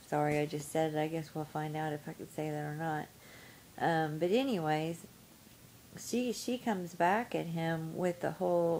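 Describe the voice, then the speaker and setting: Rambling woman with a lowish voice. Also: steady tone, normal speed, gravelly, a little mellow, a little hiss or hum, low-quality recording. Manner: rambling, many ums and you-knows. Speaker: vlogger. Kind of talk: casual storytelling to camera.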